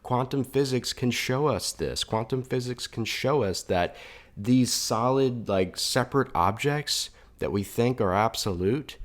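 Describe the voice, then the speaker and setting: A man's voice: medium pitch, measured pace. A man speaking as a spiritual coach in a reflective monologue, earnest and thoughtful, often restarting his phrases, at a desk microphone indoors.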